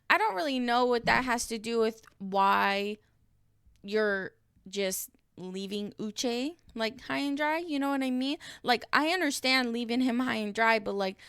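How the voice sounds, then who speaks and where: A woman's voice: a little high, animated, measured pace, a bit bright, clean tone, dry recording, studio quality. Blunt, exasperated woman recapping reality TV. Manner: blunt, exasperated, swears freely. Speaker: reaction vlogger. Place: dim room at home.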